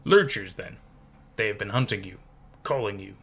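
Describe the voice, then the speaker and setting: A man voicing a tiny, fierce old woman who barks sharp commands and scolds, read within a spooky storybook narration. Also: lowish voice, expressive, normal speed, breathy edge, exaggerated voice. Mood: scolding.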